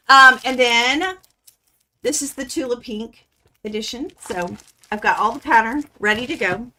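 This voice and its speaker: A woman hosting a quilting livestream from her home studio, gushing and chatting excitedly with viewers as she unboxes fabric. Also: on the high side, unhurried. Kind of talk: casual live stream chat.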